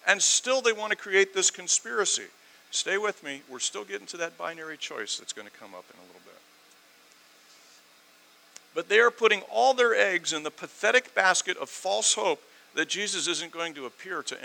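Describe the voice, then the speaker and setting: Male preacher, bright tone, animated sermon delivery with sarcastic rhetorical questions. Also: normal speed, creaky, poor audio. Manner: animated, swings from loud emphasis to low asides.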